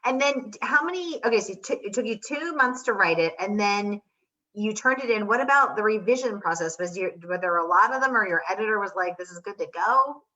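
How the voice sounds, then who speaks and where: A woman hosts an interview with effusive, gushing enthusiasm. Her voice is bright and forward at a middle pitch. The audio is a little dull, as on a video call. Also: lively intonation, a little fast. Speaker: host interviewer. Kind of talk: casual interview chat.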